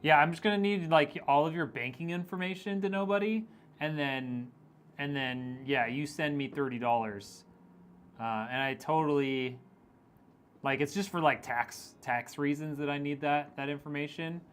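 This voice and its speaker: A man's voice: on the high side, moderate pace, a bit bright, a little hiss or hum. A man with a somewhat raised voice chats loosely with his live-stream audience while building a PC. He jokes and teases his regulars and often breaks into laughter. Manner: joking, teasing, laughs often. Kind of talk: casual live-stream chat reading viewer messages.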